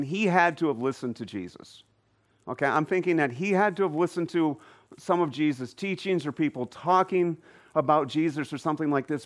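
A man teaching a Bible class to a live audience, animated and often putting questions to the listeners. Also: on the high side. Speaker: church teacher.

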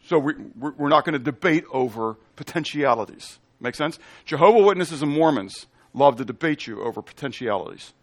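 Male pastor, teaching sermon, chatty and explanatory, keeps asking "okay?", a bit high-pitched, dry close sound. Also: animated, fairly quick, few pauses, dry recording. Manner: conversational, checks in with frequent "okay?"; explains Hebrew and Greek terms.

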